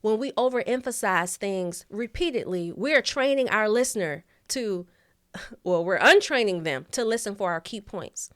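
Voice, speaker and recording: A woman teaching a vocal coaching lesson, speaking deliberately, stressing key words and pausing between them. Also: medium pitch, expressive, a bit bright, dry recording, clean studio sound.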